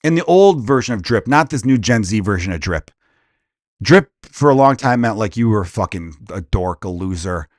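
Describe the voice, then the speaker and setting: A man with a voice on the low side hosts a comedy podcast, ranting casually in a crude, profane, animated way and slipping into quick impressions. The studio-quality recording has no room sound.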